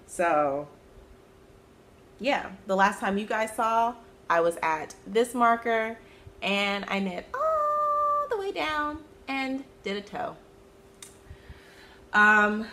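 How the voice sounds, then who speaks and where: A woman hosting her own knitting podcast, chatting casually about her projects and breaking into sudden high-pitched exclamations. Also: sing-song, slow, sharp tone, slight background noise. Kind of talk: casual chat.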